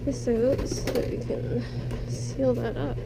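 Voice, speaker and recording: Soft-spoken woman soothing her pets. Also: a little high, fairly even intonation, takes it slowly, gravelly, heavy background noise. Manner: soothing, talks softly to animals. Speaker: pet vlogger. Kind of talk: casual talk to pets while cleaning cages. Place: indoor room with pet cages.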